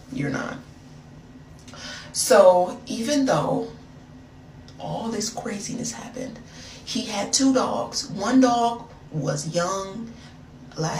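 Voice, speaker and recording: A young woman vlogger with a lowish, slightly mellow voice tells a storytime tale in a casual, chatty manner, tossing in sassy asides. She sounds far from the mic in an echoey, noisy room.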